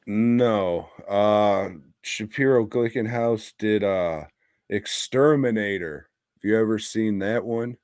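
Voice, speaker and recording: Taking it slowly in a smooth, low-side voice, a man co-hosting a podcast chats casually and profanely about movies. He tells stories animatedly, acting out quotes, in studio quality with no room sound.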